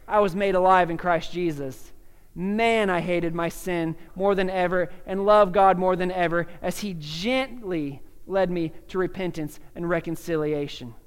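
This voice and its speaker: A young man preaching a sermon as pastor, speaking earnestly and conversationally, with restarts and soft laughs. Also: sits high, clear, resonant tone, long reverb tail.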